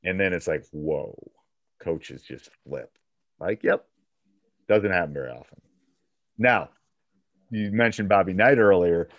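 Low-voiced coach on a dull lo-fi call. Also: male voice, moderate pace, pauses often, no echo. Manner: conversational, acts out back-and-forth dialogue. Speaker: basketball coach and podcast host. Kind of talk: coaching advice on a one-on-one call.

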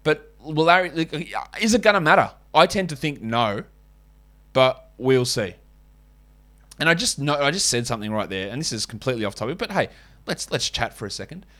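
This fantasy basketball podcaster, an Australian man going solo, speaks in a mid-range, sing-song voice that's a little fast and fairly bright. His style is casual and blunt, full of opinions and the odd swear word.

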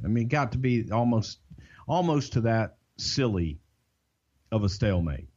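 An older man with a Southern American accent, co-hosting a podcast and telling behind-the-scenes stories in a folksy, drawn-out way. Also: medium pitch, lively intonation, darkish tone, lo-fi sound. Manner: folksy, drawn-out, swears casually. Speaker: podcast co-host. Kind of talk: casual storytelling.

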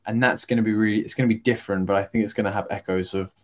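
A man's voice: fairly low pitch, steady tone, very fast. A man, a stage actor, chatting as an interview guest over a video call, rambling with many fillers and restarts.

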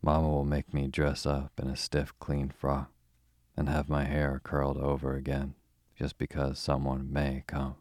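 A man's voice: rumbling low, completely flat delivery, a little slow, a little mellow, no echo, clean studio sound. A man voicing a cross, complaining young girl in a bedtime storybook reading. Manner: complaining, sighing.

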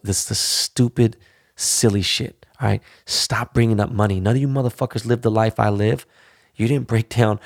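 A podcast host rants bluntly in a heavily profane monologue, peppering his points with tag questions like "all right?" and "you know?" His voice is lowish with vocal fry, and the clean studio recording has no echo.

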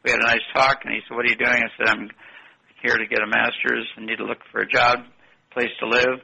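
A man's voice: mid-range voice, little pitch movement, fast, creaky, bright, forceful tone, husky, low-quality recording. An older man telling long, rambling stories in an interview and correcting himself as he goes. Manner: rambling, anecdotal, self-correcting. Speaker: guest. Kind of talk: interview storytelling.

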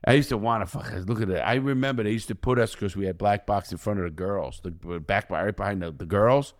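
A man's voice: fairly low pitch, quick pace. Blunt, profane man telling prison stories. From United States. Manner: profane, blunt, rambling with restarts. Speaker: interview guest, ex-convict. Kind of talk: casual storytelling.

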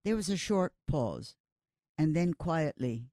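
Slow, measured older gossip columnist. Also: mid-range voice, animated, mellow, dry recording, clean studio sound. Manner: measured, deliberate delivery in short phrases. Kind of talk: reading a personal column aloud.

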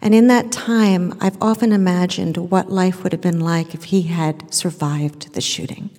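Middle-aged woman telling a story in a hall. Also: fairly low pitch. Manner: earnest, emotional, drops to a hush at the end. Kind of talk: live personal storytelling on stage. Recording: long reverb of a large hall.

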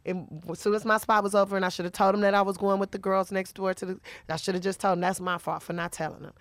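A woman comedian telling a personal story in a candid interview, lively and profane, often acting out the voices of the people in it. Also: medium pitch, fast talker, dry recording. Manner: animated, profane, acts out voices in her stories. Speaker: stand-up comedian guest.

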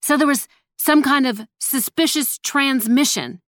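A woman's voice: high-pitched, measured pace, fairly bright tone, dry recording, studio quality, voice pushed up. A woman voicing a young man who explains an injustice in a firm, collected way. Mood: tense.

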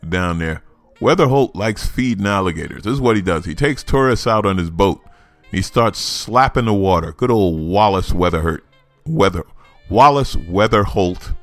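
A man's voice: low voice, no echo. A man hosting a comedy news podcast, delivering sarcastic, mocking commentary and laughing at his own jokes. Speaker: podcast host.

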